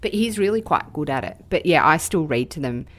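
A woman in her thirties chats casually, telling stories and slipping into the voices of the people she quotes. Her pitch sits a little low but swings widely and expressively. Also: fairly quick. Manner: animated storytelling, acting out quoted voices. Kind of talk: casual chat.

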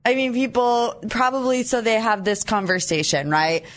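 A woman's voice: fairly high pitch, animated, normal speed. A woman co-hosting a morning radio show in a studio, chatting casually, laughing easily and saying "like" a lot. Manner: chatty, laughs easily, uses 'like' often.

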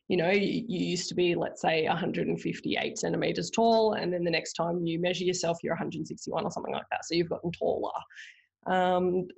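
A woman's voice: fairly low pitch, vocal fry. A woman, hosting a podcast and telling a personal story in a chatty, rambling way full of ums and self-corrections. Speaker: podcast host. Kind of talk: casual storytelling monologue.

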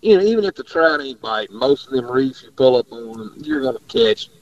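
Lively gravelly fishing guide. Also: male voice, fairly high pitch, brisk, dry recording. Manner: drawling, rambling storyteller, laughs often. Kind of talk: casual radio chat. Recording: dull lo-fi radio audio.

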